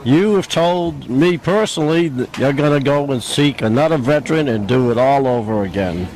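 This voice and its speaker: A man hosting an event and thanking a volunteer in a warm, conversational way. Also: medium pitch, normal speed, rough recording.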